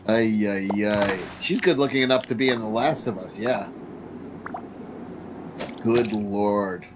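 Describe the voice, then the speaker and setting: A man's voice: on the low side, takes it slowly, noisy background. A man streaming live reaction commentary, swearing and mocking the people on screen in a combative way.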